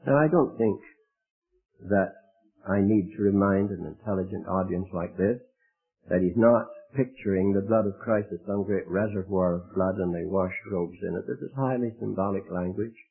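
Husky-voiced preacher on tinny radio. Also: male voice, a little slow, pauses often. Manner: emphatic, rising to loud high exclamations. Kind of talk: sermon. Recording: tinny phone-like radio broadcast.

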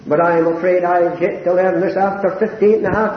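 This sermon comes from an elderly male preacher whose fairly high voice stays fairly even in intonation as he talks fast with hardly any pauses, earnest and building to impassioned peaks. It's captured in a dull, roomy, echoing lo-fi recording.

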